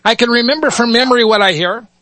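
A man's voice: extremely high pitch, quick pace, pushed and bright, a little hiss or hum, pitched above the performer's own voice. A man voicing an eager, fussy little rabbi in a told joke.

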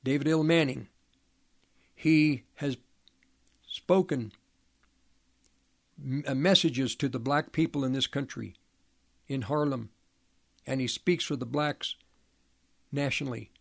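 A man giving a preaching monologue, halting and often repeating or restarting words, pressing his points with emphatic rhetorical questions. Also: medium pitch, creaky.

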